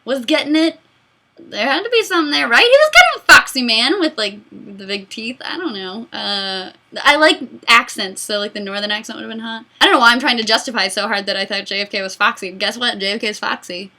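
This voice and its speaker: Giggly bright-voiced woman in her twenties. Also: a little high, brisk. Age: mid-20s. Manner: excitable, giggly, rambling. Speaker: YouTube host answering fan questions. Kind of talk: casual Q&A chat.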